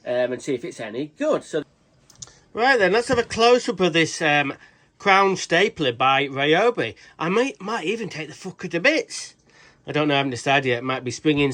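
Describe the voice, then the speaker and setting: Sweary cheeky British man, higher voice. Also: fairly bright tone. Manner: rambling, swears a lot, restarts sentences; cheeky, jokey asides. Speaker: tool reviewer. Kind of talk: casual product review vlog.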